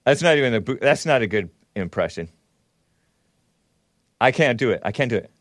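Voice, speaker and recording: A male talk show host who comments on clips with mockery, breaking into laughter and jumping up in pitch for his asides. His voice sits at a middle pitch. It is recorded close and dry, with no room sound. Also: animated, brisk, no echo. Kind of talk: casual political commentary.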